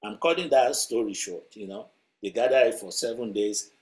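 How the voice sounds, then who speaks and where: A man's voice: fairly low pitch, moderate pace, darkish tone. A man preaching a sermon through a story, conversational and chuckling as he tells it.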